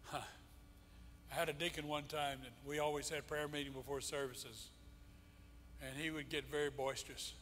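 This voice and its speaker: Man, pastor, fervent preaching, bright voice, long church reverb. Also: on the high side, little pitch movement, normal speed, pauses often, a little hiss or hum. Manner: impassioned preaching with emphatic repetition. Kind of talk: sermon. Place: church sanctuary.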